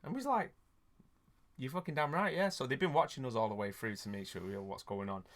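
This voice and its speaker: A man's voice: fairly low pitch, sing-song, rapid-fire. Laughing, sweary man. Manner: rambling, laughing, sweary anecdote telling. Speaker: podcast host. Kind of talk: casual storytelling chat.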